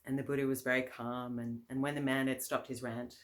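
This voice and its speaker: A woman's voice: extremely low pitch, level tone, a little fast. A woman, a Buddhist nun and teacher, giving a casual, conversational dharma talk, often laughing and circling back with fillers and restarts.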